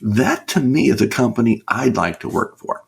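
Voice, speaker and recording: A man's voice: medium pitch, expressive, moderate pace, vocal fry, husky. A middle-aged man speaking earnestly as a guest in a conversational interview, stressing his points and asking rhetorical questions. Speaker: business author and consultant, guest.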